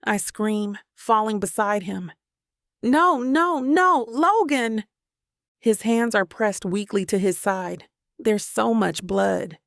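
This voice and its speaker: Slow, gravelly woman audiobook narrator. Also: mid-range voice, fairly even intonation, dry recording, clean studio sound. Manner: dramatic, emotional delivery. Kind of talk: first-person romance audiobook narration.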